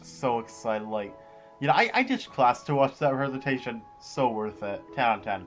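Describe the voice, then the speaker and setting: A man hosting a relaxed gaming podcast, his voice rising and falling in a lively, sing-song way as he moves the chat along. Music plays clearly behind him. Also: medium pitch, moderate pace. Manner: animated, sing-song, steers the talk. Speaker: podcast host.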